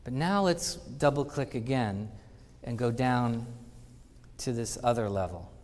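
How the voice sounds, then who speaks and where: A man's voice: mid-range voice, a little slow. Man telling stories in a hall. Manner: animated anecdotes with acted-out quotes. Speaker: conference speaker. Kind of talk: storytelling conference talk. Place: conference hall. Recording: reverberant conference hall.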